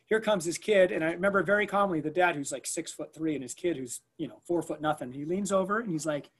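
A man with a slightly higher-than-usual voice tells a story in a relaxed interview. He stumbles and restarts often and drops in lots of fillers. He lifts his voice to act out what people said. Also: fast, slightly rough. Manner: animated, lots of fillers and restarts, acts out quoted lines. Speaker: school staff member recounting an emergency.

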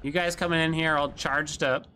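A man's voice: on the high side, steady tone, normal speed, bright, forceful tone, slight background noise. A man streaming a video game, chatting casually and rambling with jokes to his chat as he plays. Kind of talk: casual gameplay commentary.

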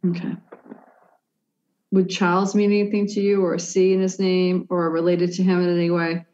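A woman psychic medium giving a reading in a hesitant, halting way, full of "like" and restarts. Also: lowish voice, flat delivery, warm tone. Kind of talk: conversational reading for a sitter. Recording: dull lo-fi sound.

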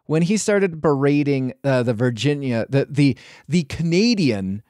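A man's voice: medium pitch, expressive, measured pace, darkish tone, dry recording, studio quality. A man hosting a podcast, chatting casually in a rambling way, full of restarts and hedges. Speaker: podcast host.

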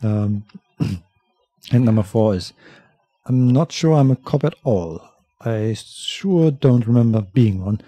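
Dark husky-voiced man reading game options. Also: medium pitch, expressive, slow, dry recording. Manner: reads options aloud, laughs often. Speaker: let's play host reading game text. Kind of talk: casual gameplay commentary, reading dialogue aloud.

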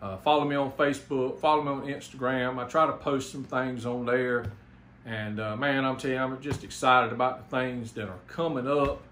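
A man's voice: medium pitch, steady tone, moderate pace, fairly bright tone. A man from South Carolina with a Southern accent, rambling through a casual channel update. He sounds enthusiastic, and he pads his talk with fillers and false starts. The room gives his voice a noticeable echo, and there is a faint hiss of noise behind him. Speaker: home theater YouTuber.

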